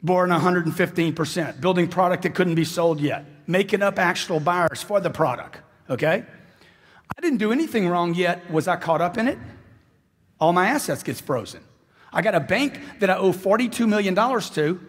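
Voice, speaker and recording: Man, middle-aged, brash motivational speaker, high husky voice, reverberant hall. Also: animated, fairly quick. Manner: brash, punchy, mocking quoted voices. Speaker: sales speaker. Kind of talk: motivational seminar speech. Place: large hall with live audience. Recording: echoey hall recording.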